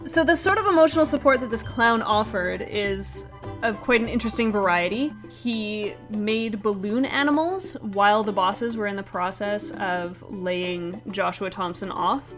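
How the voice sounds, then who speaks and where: Woman co-host, wry and brisk, mid-pitched comedic news read. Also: over music. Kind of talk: scripted comedic news chat.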